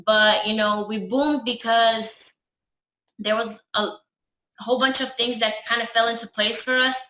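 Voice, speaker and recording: A woman's voice: on the high side, fairly even intonation, measured pace, pushed and bright, echoey room, rough recording. A woman chatting casually through a personal story, acting out the dialogue as she goes. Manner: chatty, acts out her own and others' dialogue.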